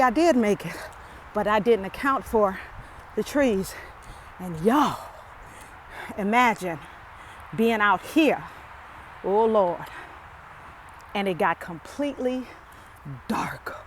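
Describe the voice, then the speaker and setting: Filming on a handheld phone, a breathless vlogger walks a wooded lakeside trail and makes funny, casual conversation with her audience. Her voice sits mid-range, with a little hiss or hum in the recording.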